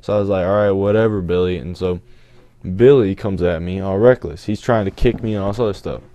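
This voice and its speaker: A teenage boy with a deep, low voice tells a storytime over gameplay as a channel host. He rambles loosely and keeps correcting himself. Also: fairly quick, warm tone. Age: teens.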